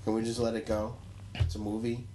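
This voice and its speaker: A man with a lowish voice in a relaxed movie conversation. He teases and laughs while he talks, and clear noise sits under the recording. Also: brisk, rough recording. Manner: wry, teasing, laughs while talking. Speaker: movie discussion co-host. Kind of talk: casual chat.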